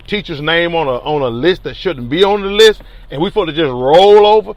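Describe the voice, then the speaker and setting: A man, a teachers union leader telling a story in an animated, colloquial and emphatic way. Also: fairly high pitch, brisk, no echo. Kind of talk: casual spoken storytelling.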